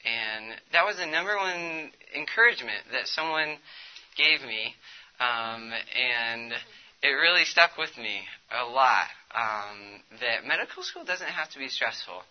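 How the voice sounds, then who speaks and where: A man's voice: medium pitch, a little slow, lo-fi sound. Chatty young man telling a story. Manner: chatty, filler-heavy, animated storytelling. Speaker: speaker at a student ministry talk. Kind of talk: casual talk to students.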